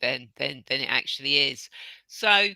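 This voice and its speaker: A man's voice: mid-range voice, lively intonation, moderate pace, vocal fry, pushed and bright, no echo. A man hosting a podcast interview, affirming his guest enthusiastically. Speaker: podcast host.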